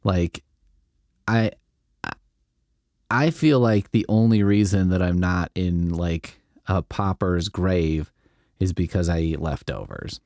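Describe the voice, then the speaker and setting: A comedy podcast host reads from a script and riffs with wry, rambling asides that trail away. His low, darkish voice moves slowly with frequent pauses. The studio recording is clean, with no room sound.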